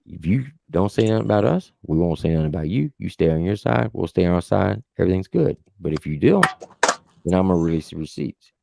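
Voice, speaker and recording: A man's voice: low-pitched, lively intonation, fast, creaky, noisy background. A man hosting his own show, telling a heated story in a casual, profane way. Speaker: show host. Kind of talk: heated casual livestream rant.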